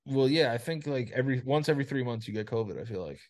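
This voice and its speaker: Talking fast with lively intonation, a man hosts a podcast over a video call. His voice is medium-pitched and a little mellow. He rants profanely in crude, casual banter, filling nearly every sentence with "like."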